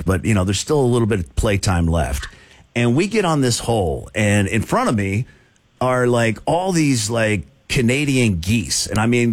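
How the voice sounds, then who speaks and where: An excitable male radio host tells a story in a lively, swinging voice. His delivery is loose and chatty, full of laughs and shouted asides. The sound is close and dry, with no room echo. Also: on the low side. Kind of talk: radio talk show storytelling.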